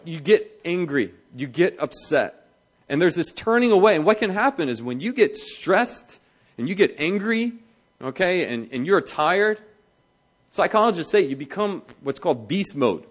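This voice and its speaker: A man's voice: high voice, sing-song, normal speed. A man preaching a sermon as a pastor, talking in a conversational way and acting out the voices he quotes. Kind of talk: sermon on marriage.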